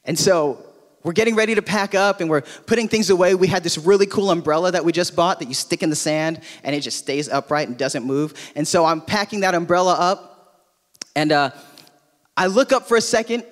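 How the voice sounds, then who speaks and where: Pastor from Hawaii, ringing hall reverb. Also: male voice, sits high, brisk. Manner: animated storyteller, casual with frequent fillers. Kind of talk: sermon with personal storytelling. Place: church auditorium. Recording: long reverb from a large hall.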